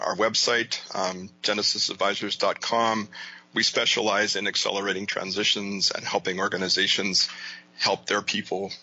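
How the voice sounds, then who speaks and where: Brief: male interview guest, very low voice, bright and husky, thoughtful explainer, dull lo-fi sound. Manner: thoughtful, explanatory, with many "you know" and "right?". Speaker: guest, leadership author and coach. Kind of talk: casual interview talk.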